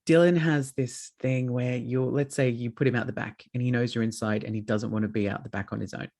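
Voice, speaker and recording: Man telling lively dog stories. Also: medium pitch, brisk, creaky. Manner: lively storytelling, swearing, acting out his dogs. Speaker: podcast host. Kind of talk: casual chat.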